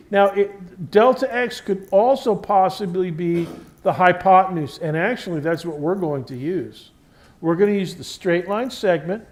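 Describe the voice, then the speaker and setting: A man's voice: sits high, darkish tone. A man giving a university physics lecture in a conversational classroom style, often checking in with the class and stressing key terms. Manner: stresses key words while explaining.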